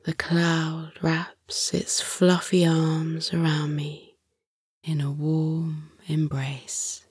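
Woman narrator, whispered bedtime story, very slow, breathy, close dry mic. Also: low voice, little pitch movement, dry recording. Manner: slow, soothing, lulling. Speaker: sleep meditation narrator.

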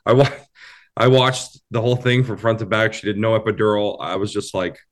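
A young man, a guest who is a new father and comedian, chatting casually and telling animated stories with plenty of swearing. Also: on the low side, brisk. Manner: animated storytelling, swears freely. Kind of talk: casual podcast chat.

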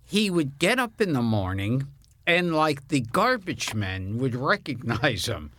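A man's voice: medium pitch, measured pace, slight background noise. A man co-hosting a podcast, telling a short funny anecdote. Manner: animated anecdote teller. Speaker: podcast co-host. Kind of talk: casual chat.

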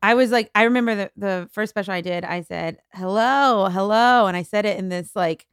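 A woman comedian, a podcast guest, chatting casually with a dry, deadpan wit. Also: mid-range voice, fast talker, clean tone, no room sound. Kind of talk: casual conversation.

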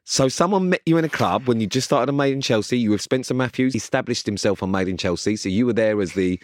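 A man's voice: fairly low pitch, quick pace, few pauses, no echo. A man in his thirties co-hosting a podcast in casual chat, ribbing his partner with dry, teasing banter. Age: 30s. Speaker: podcast co-host.

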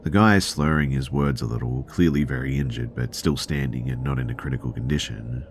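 Very deep-voiced male story narrator. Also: steady tone, a little fast, creaky, a little mellow, a little hiss or hum. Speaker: podcast narrator. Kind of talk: scripted narration of a listener's true scary story.

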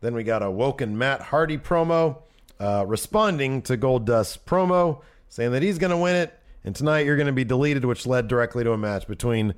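A man co-hosting a podcast, recapping wrestling in casual chat, animated and prone to laughing and trailing off mid-sentence. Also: medium pitch, moderate pace, clean tone.

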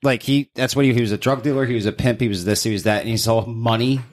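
A man's voice: mid-range voice, fairly even intonation, fast talker. A man co-hosting a podcast in casual chat, emphatic and filling his talk with "you know" and "like". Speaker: podcast co-host.

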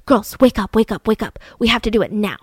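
Woman voicing a controlling dad, insistent, coaxing, fairly high. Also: fast talker, breathy edge, no room sound. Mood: urgent. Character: controlling, manipulative middle-aged father.

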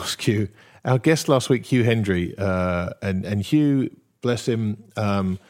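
A man hosting an interview, hesitant, with many pauses and restarts. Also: lowish voice, a little mellow. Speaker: interview host.

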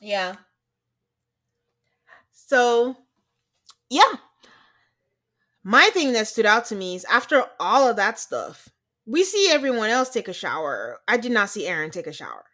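An American woman co-hosting a casual chat, recapping a reality show in an animated way and acting out quotes. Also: on the high side, measured pace, pauses often. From United States. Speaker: podcast co-host.

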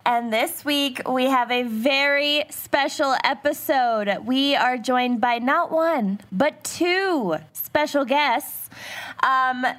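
A woman co-host with a high voice, speaking at an unhurried pace. She introduces the show and guests, teasing and laughing along in casual chat. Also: fairly bright tone. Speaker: podcast co-host.

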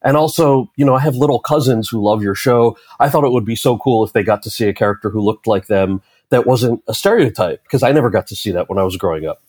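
Low-voiced man telling a lively story. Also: quick pace, hardly any pauses, breathy edge, dry recording. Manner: animated storyteller, acts out quoted dialogue. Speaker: actor and author, interview guest. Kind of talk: storytelling in a conversational interview.

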